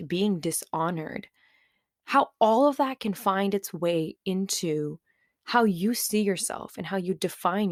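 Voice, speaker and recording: A woman's voice: lowish voice, no room sound, studio quality. A young adult woman hosting a solo podcast, talking candidly and reflectively in a conversational way with plenty of fillers. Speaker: podcast host.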